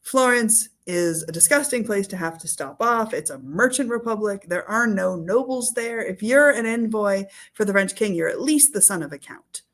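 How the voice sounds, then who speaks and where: A woman's voice: medium pitch, animated, moderate pace, few pauses. A woman historian in a casual interview, explaining history in a playful storytelling way with acted quotes. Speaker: historian guest.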